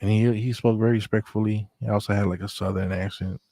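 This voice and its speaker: A man with a low, gravelly voice tells stories from his own life in a relaxed, meandering way. He often trails into fillers and restarts his sentences. The sound is dry and close, with no room around it. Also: fast talker, no echo. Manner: laid-back and rambling, with many fillers and restarts. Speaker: storyteller recounting memories. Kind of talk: casual spoken storytelling.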